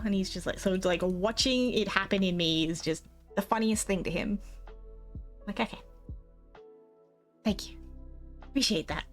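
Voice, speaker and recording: A young Australian woman streaming a game, chatting casually and rambling, swearing freely and quoting herself and others. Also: medium pitch. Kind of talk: casual chat while gaming.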